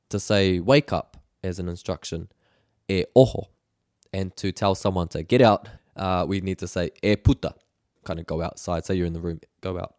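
A man talks through a language lesson in a casual, patient way, often pausing on fillers and repeating himself as he explains. His voice sits very low. The recording is close and dry, with no room sound. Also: a little mellow, no echo. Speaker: language teacher.

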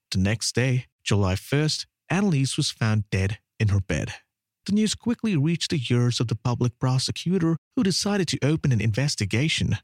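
Man narrating a dark true story, pitch all over the place, super dry close sound. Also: no room sound. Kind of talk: dramatic documentary narration.

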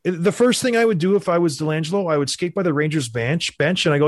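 A man who used to play hockey, hosting a casual sports talk show and giving animated, opinionated rants. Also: on the high side, fast talker, no room sound, studio quality. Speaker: podcast host, former hockey player.

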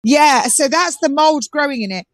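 A high-voiced woman from southern England, a guest on a live call-in show, gives a walking tour of an outdoor market over the phone. She chats animatedly at a moderate pace, full of restarts, with no echo.

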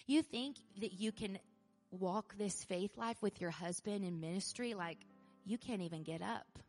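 A woman voicing the devil as a taunting accuser, mocking and belittling in a slightly lowered, quiet voice. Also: a little slow, soft background music.

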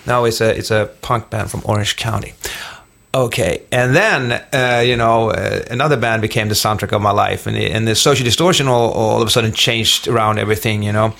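A man's voice: fairly low pitch, fairly even intonation, a little fast, creaky, fairly bright tone. A middle-aged man with a Swedish accent, a rock musician guest telling stories in a casual interview, rambling along with many fillers and restarts. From Sweden.

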